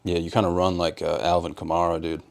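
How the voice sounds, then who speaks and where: A man's voice: low voice, level tone, quick pace, vocal fry. A young man from Rhode Island hosting a podcast, talking in a laid-back, casual way, saying "dude" a lot and laughing hard at his own stories. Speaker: podcast host. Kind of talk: casual chat.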